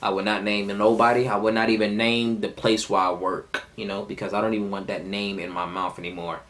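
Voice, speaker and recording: A man's voice: lowish voice, brisk. A man in his twenties telling a heated, profane story of a fight at work in a casual vlog. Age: 20s. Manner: animated, profane, heated retelling. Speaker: vlogger.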